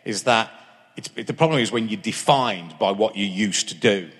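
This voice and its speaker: This fifties-aged man has a lowish, husky voice and speaks animatedly at a moderate pace. He's a guest in a live stage interview, spinning rambling anecdotes that keep restarting and cutting themselves off. The recording echoes through a large concert hall with a live audience.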